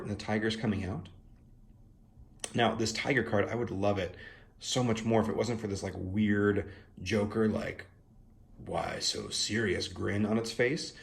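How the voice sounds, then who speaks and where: A man's voice: lowish voice, creaky. Musing young man reviewing a deck. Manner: musing, playful asides, frequent fillers. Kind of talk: casual spoken art review.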